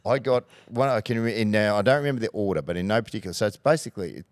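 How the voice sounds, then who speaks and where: Low-voiced Australian man telling stories. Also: very fast, no room sound. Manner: animated anecdotes, acting out quoted voices. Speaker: guest, former football coach. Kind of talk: podcast storytelling.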